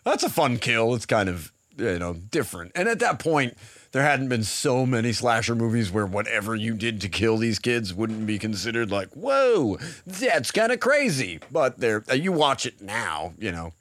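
A man's voice: on the low side, lively intonation, moderate pace, a bit bright, dry recording. A man hosting a podcast, chatting casually and rambling with lots of fillers. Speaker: podcast host. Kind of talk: casual chat.

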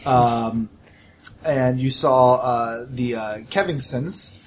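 A man narrating as game master in a tabletop role-play, animated and quick to laugh, with frequent fillers. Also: mid-range voice, slight background noise.

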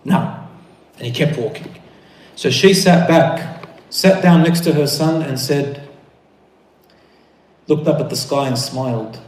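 Animated male preacher in an echoey room. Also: medium pitch, unhurried, long pauses. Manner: animated storytelling with rising emphasis. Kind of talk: sermon storytelling.

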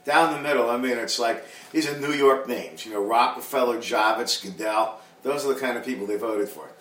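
A man's voice: medium pitch, brisk, a bit bright. Blunt man, distant in an echoey room. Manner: blunt, repeats words and restarts often. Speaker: podcast guest. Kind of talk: casual podcast chat. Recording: echoey room, voice away from mic.

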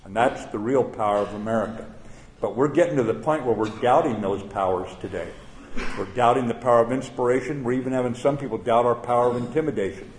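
An older man, a retired general, giving a plain-spoken speech with anecdotes to a live audience, halting now and then with fillers. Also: mid-range voice, a little mellow, a little hiss or hum. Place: event venue before an evening audience. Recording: roomy room with faint ambience.

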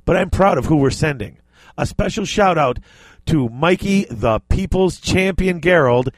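A man's voice: a little high, no echo. A man co-hosting a casual podcast, easygoing, often trailing off and restarting, laughing along. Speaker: podcast co-host. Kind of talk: casual chat.

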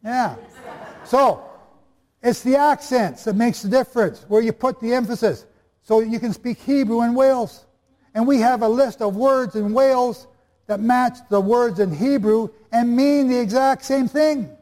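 Guy with a high voice preaching to a crowd, joking and asking them stuff, big reverby hall. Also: moderate pace, dark tone. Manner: chatty, jokey, quizzes the audience. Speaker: preacher teaching a congregation. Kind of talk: live Bible teaching to an audience. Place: hall before a live audience. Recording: long reverb of a large hall.

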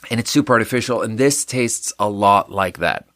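A man's voice: fairly low pitch, fairly quick, fairly bright tone, no room sound. A man hosting a podcast, chatting on his own while tasting a drink, rambling and mocking himself in an offhand way. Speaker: podcast host. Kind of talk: casual solo drink tasting chat.

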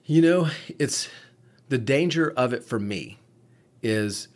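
A man's voice: medium pitch, animated, slow. A man, co-hosting a podcast, telling stories in casual chat with frequent swearing and restarts. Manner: profane storytelling with many restarts. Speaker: podcast co-host, paramedic.

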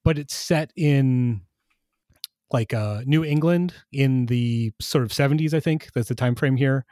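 A man co-hosting a podcast, chatting casually and explaining things with steady enthusiasm and some fillers. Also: medium pitch, a little slow, dry recording, clean studio sound. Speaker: podcast co-host. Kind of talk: casual chat, reviewing comics.

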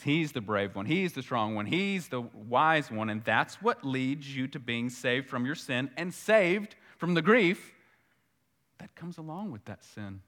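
A man preaching a sermon in a bright, forceful voice. He is earnest and repeats his key phrases, and his voice swells louder whenever he drives home a point. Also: mid-range voice. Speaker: pastor.

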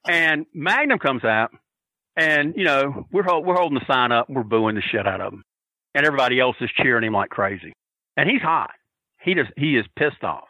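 A man telling a story on a podcast, loud and profane, acting out the shouts of the crowd with laughter. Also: mid-range voice, very animated, moderate pace, dry recording, rough recording. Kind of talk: animated storytelling.

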